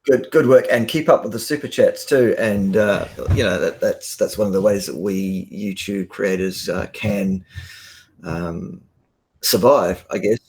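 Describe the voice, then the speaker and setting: A man, a guest on a live stream, talking bluntly and forcefully with many ums and restarts, over a video call. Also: fairly low pitch, a little slow, gravelly. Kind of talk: casual live-stream talk.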